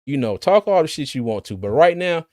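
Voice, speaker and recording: A man's voice: on the high side, sing-song, brisk, darkish tone, no room sound, clean studio sound. A man who hosts a sports channel, giving casual livestream commentary, chatty, laughing often and repeating words.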